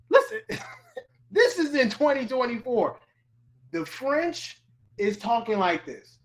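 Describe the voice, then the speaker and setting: A man's voice: very high-pitched, big pitch swings, takes it slowly, pauses often. A man teaching a course on a livestream in a loose, informal way, with many fillers, restarts and repeated words. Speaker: course instructor. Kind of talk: casual livestream lecture.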